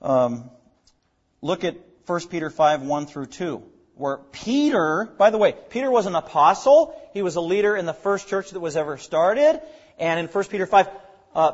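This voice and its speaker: A man's voice: high-pitched, animated, moderate pace, lo-fi sound. A man preaching as the pastor of his church, explaining terms with emphatic repetition. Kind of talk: sermon.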